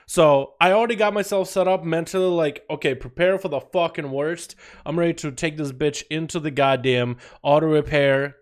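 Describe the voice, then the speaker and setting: A man's voice: fairly high pitch, clean tone. Hyped, foul-mouthed young streamer guy. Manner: hyped-up, profane, rowdy greetings. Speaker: livestream host. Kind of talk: casual gaming livestream chat.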